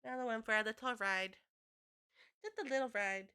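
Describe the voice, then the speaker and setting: A woman's voice: a little high, moderate pace, bright, forceful tone, clear, resonant tone. A woman game streamer chatting casually to her live chat, rambling and swearing freely.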